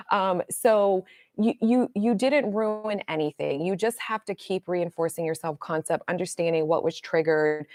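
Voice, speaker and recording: A woman's voice: lowish voice, normal speed, dry recording. Blunt, swearing woman coach, dry sound. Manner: blunt, swears freely, animated storytelling. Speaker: manifestation coach. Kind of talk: casual livestream talk.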